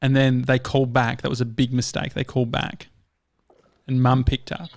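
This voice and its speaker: A man's voice: mid-range voice, little pitch movement, moderate pace, gravelly, no echo. An Australian man co-hosting a podcast, telling rambling stories in casual chat with plenty of fillers. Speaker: podcast co-host.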